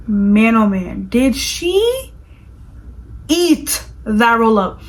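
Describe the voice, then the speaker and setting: A woman vlogger reviewing a movie in casual chat, gushing and animated, with lots of "like". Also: on the high side, drawn-out words, long pauses, poor audio. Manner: gushing, animated, fills speech with "like".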